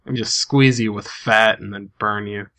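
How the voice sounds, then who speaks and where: A man on a podcast panel tossing in quick joking remarks in casual chat. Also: on the low side, steady tone, sharp tone.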